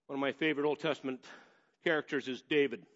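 A man's voice: medium pitch, fairly even intonation, fast. A man preaching a sermon in a conversational way that builds to emphatic stretches. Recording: echoey hall, dull lo-fi sound.

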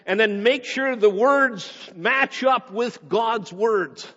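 A male pastor preaching a sermon, swinging between raised emphasis and quick, low asides. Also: bright, forceful tone, husky. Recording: dull sound with long hall reverb.

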